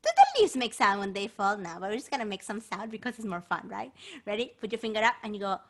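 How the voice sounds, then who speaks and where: Speaking quickly at medium pitch, a woman entertainer hosts a bilingual show for kids. She's animated and teasing as she addresses both a puppet cat and her young audience.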